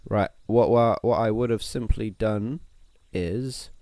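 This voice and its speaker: A man's voice: lowish voice, takes it slowly, mellow, dry recording. A man co-hosting a podcast, chatting casually in a rambling, jokey way. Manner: rambling, jokey, thinks aloud with fillers. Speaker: podcast co-host.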